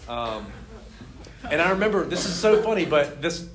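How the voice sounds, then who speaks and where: A young man telling a personal faith testimony in a casual, animated way, laughing often and filling his talk with "like". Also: on the high side, normal speed, background noise. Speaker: speaker sharing a testimony.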